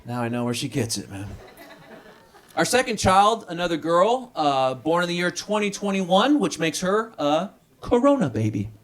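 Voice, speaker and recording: Guy in his 30s doing standup at a restaurant comedy night, high voice, swings all over. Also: moderate pace. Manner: lively, jumps into high voices for quoted people. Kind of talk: stand-up set.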